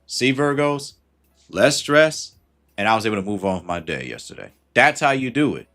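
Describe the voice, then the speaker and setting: A man's voice: mid-range voice, very animated, normal speed, fairly bright tone, faint music behind. A man talking casually on a livestream, giving slangy advice and greeting viewers as he goes. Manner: conversational and slangy, greets chat viewers mid-thought.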